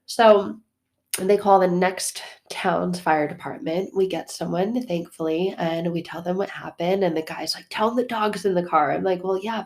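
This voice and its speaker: A woman host telling a personal story in a casual, animated way, full of fillers, swinging from hushed asides to loud bursts. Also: lowish voice. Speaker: podcast host.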